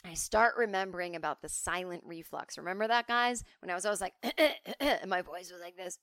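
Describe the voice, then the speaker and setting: A woman's voice: fairly low pitch, a little fast, a bit bright, dry recording, clean studio sound. A woman hosting a podcast who tells comic stories in a chatty, self-mocking way and swears freely. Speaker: podcast host. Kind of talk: casual comic storytelling.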